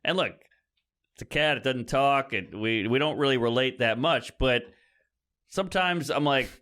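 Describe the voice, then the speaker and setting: A man in his thirties co-hosting a podcast, chatting casually and telling animated stories. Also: normal speed. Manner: animated storytelling, jumps high when quoting people. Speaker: podcast co-host. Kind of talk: casual chat.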